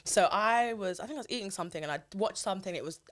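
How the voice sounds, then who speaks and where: A woman, chatting casually as a mother with an expressive manner. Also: mid-range voice, rapid-fire. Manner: expressive, laughs easily. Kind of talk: casual chat.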